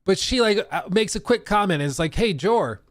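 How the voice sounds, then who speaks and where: A man hosting a casual live stream, talking in an animated, slangy way and laughing often. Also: sits high, fast, no room sound, studio quality. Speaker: livestream host.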